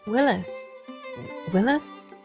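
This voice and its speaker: A woman's voice: a little high, creaky, darkish tone, exaggerated voice. A woman voicing a polite young noble girl who speaks hesitantly, with music underneath. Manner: hesitant, halting.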